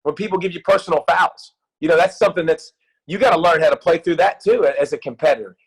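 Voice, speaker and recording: Husky excited man rambling about coaching. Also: fairly high pitch, fast, poor audio. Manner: excited, rambling, restarts often. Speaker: interview guest, football analyst and youth coach. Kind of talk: casual interview talk.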